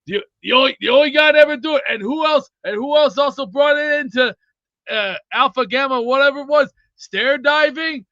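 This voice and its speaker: A man hosting a rowdy sports call-in show, loud and goofy, often breaking into whooping yells. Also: extremely high pitch, fairly quick, no echo. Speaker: sports talk show host.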